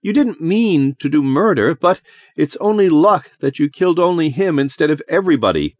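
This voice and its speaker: A miserable, panicky young man begs his friend to keep quiet, as an audiobook reader puts him on. His voice sits higher and more strained than the narration and swoops with distress. The recording is close and dry. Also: expressive, normal speed, dry recording, close to an everyday voice. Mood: mournful. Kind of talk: audiobook character voice.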